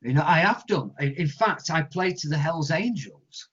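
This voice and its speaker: A man with an English accent, a guest musician telling stories in an interview, animated and acting out other people's voices. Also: on the high side, moderate pace, slight background noise. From England. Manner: animated storyteller, acts out quoted voices. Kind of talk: storytelling interview answers. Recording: lo-fi muffled audio.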